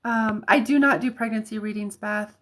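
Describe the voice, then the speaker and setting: A woman's voice: on the high side, fairly even intonation, moderate pace, a bit bright, slight background noise. An American woman chatting on a livestream as a psychic reader, talking casually with many fillers and restarts.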